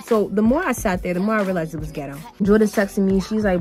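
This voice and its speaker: A woman's voice: medium pitch, fairly quick, soft background music. A young adult woman vlogger telling a dramatic storytime while getting ready, casual and slangy, acting out the people she quotes. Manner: animated, dramatic retelling with quoted voices.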